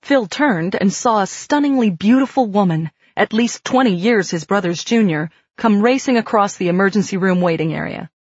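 A woman narrating an audiobook in a calm, steady storytelling manner. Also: mid-range voice, moderate pace, hardly any pauses, slightly rough, dry recording. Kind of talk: scripted narration. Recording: dull dry studio read.

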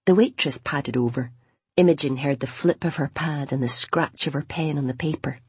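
A woman reading a novel aloud in an expressive way, voicing its characters. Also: deep voice, moderate pace, slightly rough, dry recording. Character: Imogen, determined young blind woman wanting a baby. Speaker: audiobook narrator. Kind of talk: scripted novel narration with character voices.

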